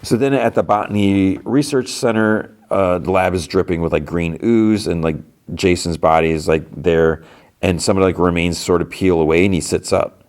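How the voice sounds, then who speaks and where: A man's voice: low voice, normal speed, a little mellow. A man hosting a podcast, recapping TV episodes in a loose, rambling way, full of "like" and "you know" and restarting his sentences. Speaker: podcast host.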